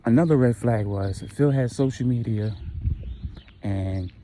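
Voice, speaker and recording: A man casually retelling a dramatic story in slangy, animated speech. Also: medium pitch, measured pace, slight background noise.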